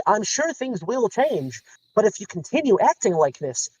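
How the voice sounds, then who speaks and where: A man guest telling a long story in casual chat, rambling and animated, acting out the lines of others. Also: high-pitched, a little slow, husky, dry recording. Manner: rambling, animated retelling with quoted dialogue. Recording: slightly dull lo-fi sound.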